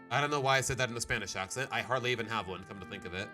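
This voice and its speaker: A man live-streaming his reactions to videos in casual, animated chat, groaning and laughing as he goes. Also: lowish voice, rapid-fire, few pauses, faint music behind.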